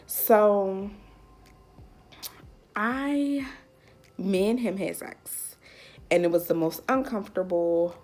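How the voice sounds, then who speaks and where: A woman's voice: mid-range voice, slow pace, pauses often, a little mellow. A young woman vlogger telling a personal story in a casual, candid way, full of "like". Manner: chatty, lots of "like", candid.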